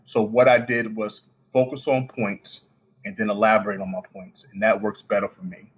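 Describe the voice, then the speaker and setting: A man with a Baltimore accent, a coin ring artist talking as a guest on a podcast, speaking quickly with the odd stutter and restart. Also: fairly low pitch, little pitch movement, slightly rough, muffled recording. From Baltimore, United States. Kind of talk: casual podcast interview.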